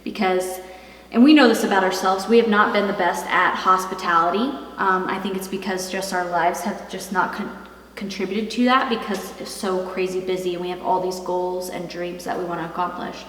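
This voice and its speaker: A woman in her thirties co-hosting a family vlog, talking in a warm, heartfelt, casual way. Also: on the low side, steady tone, moderate pace. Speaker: vlog host. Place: large empty house, indoors. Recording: echoey empty room, far from mic.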